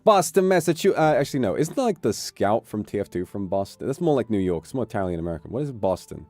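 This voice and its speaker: A man with an English accent chatting casually on a stream, rambling from joke to joke. His low, warm, mellow voice swings widely in pitch as he gets animated. The sound is dry and close. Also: fast, dry recording, faint music behind. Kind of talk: casual chat.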